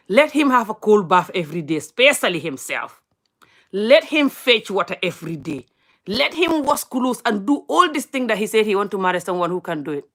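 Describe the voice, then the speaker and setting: A woman rants straight to camera, scolding and mocking. Her delivery keeps jumping from low, pointed asides to high, sing-song exclamations. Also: a bit bright. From Gambia. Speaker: vlogger. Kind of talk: animated ranting commentary.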